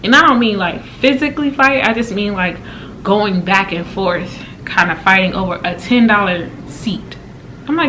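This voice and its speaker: A woman vlogger telling a story in a casual, exasperated way, with her pitch jumping high when she quotes people. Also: moderate pace, noisy background. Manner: animated and exasperated, with big pitch jumps when quoting.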